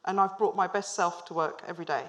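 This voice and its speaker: Talking fast in a lowish voice with fairly even intonation, a female managing director in her thirties presents a story-driven business talk to a live audience on stage, mixing in light humor and questions to the crowd.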